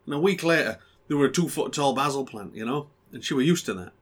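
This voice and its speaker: A man's voice: mid-range voice, animated, fast talker, husky. A middle-aged man, co-hosting a podcast in casual chat. He is blunt, teasing and swears freely. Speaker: podcast co-host.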